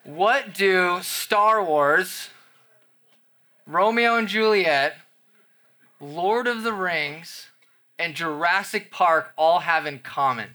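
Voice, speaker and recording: Bright, lively man preaching a sermon. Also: high-pitched, slow pace, long pauses. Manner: energetic, conversational preaching with playful asides. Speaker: pastor.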